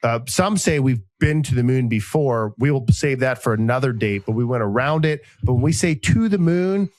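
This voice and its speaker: A man in his thirties hosts a casual podcast and drifts between jokes, deadpan asides and sponsor reads. His pitch sits in the middle of the male range. The sound is dry and close, with no room echo. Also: normal speed. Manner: joking, rambling, deadpan asides. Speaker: podcast host.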